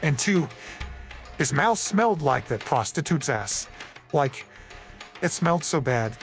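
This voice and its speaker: Deadpan AI-cloned male storyteller. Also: a little high, a little slow, faint music behind. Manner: deadpan reading of crude jokes. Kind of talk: scripted storybook narration.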